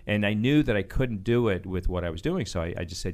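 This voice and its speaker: A man with a very low voice speaks quickly, stories tumbling out as he answers interview questions. He talks with plenty of fillers and restarts, keeping a conversational flow. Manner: animated storytelling with frequent fillers and restarts. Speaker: guest, business owner.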